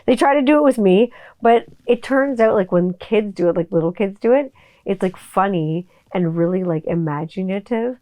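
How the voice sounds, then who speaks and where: A middle-aged woman hosting a casual solo podcast, chatty and profane, often breaking into high kid voices for quotes. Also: lively intonation, normal speed, warm tone. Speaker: podcast host.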